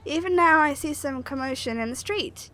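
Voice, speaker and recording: Woman as a young heroine, musing, thoughtful, bright, high. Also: normal speed.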